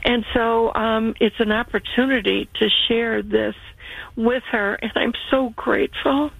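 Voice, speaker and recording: Gravelly-voiced woman caller, earnest and halting. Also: a little high, steady tone, no echo, narrow, tinny audio. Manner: earnest, halting, restarts mid-thought. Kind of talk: grateful call-in testimony.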